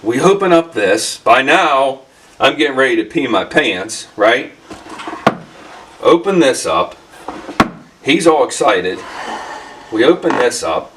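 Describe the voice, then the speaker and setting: A man's voice: medium pitch, very animated, takes it slowly, long pauses, distant mic, noisy background. A man hosting a casual vlog, telling a story in a rambling way with many fillers and restarts in his workshop. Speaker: channel host.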